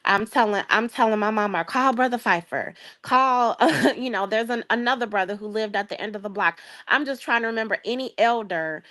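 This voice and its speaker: A young adult woman from the Chicago area, a guest telling a long story in a casual chat, lively and acting out the voices of the people in it. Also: on the high side, a little fast, few pauses. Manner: lively, acts out quoted voices, laughs often.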